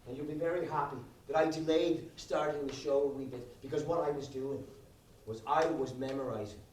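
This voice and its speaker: A man's voice: mid-range voice, fairly even intonation, fairly quick, a little mellow, a little hiss or hum. A man performing a live comedy set with a guitar, teasing the audience and tagging his lines with "all right?". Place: live venue before an audience. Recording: roomy live room, mic from a distance. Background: guitar music.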